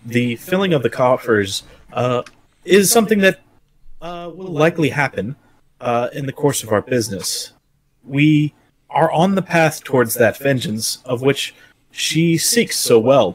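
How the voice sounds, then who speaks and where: Man speaking formally in character. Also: medium pitch. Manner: formal, wordy phrasing with hesitations. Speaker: player. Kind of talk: in-character speech in a tabletop game.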